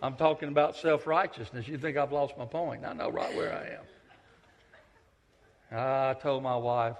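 A man preaching a sermon, telling stories with big swings from loud to hushed. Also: medium pitch, steady tone, normal speed, long pauses. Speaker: pastor, visiting preacher. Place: church sanctuary. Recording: echoey church hall.

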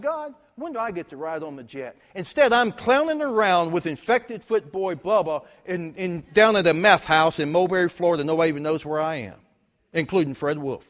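A male pastor tells a story from the pulpit, and his voice sits fairly high. He delivers it with lively energy and slips into the dialogue as he goes. His voice carries a long reverb through a large church sanctuary. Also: fairly quick. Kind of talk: storytelling sermon.

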